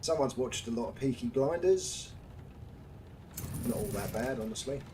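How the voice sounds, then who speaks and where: A man's voice: mid-range voice, moderate pace, background noise. A British man casually commentating his game stream with dry, wry asides. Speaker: gaming live streamer.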